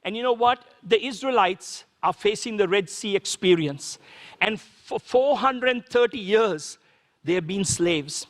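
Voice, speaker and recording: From Sri Lanka, this man delivers a sermon as a pastor, his voice pitched strikingly high for a man and a bit bright. Speaking animatedly and a little slowly, he chats with the congregation and keeps asking rhetorical questions, while a church hall's long reverb carries his words.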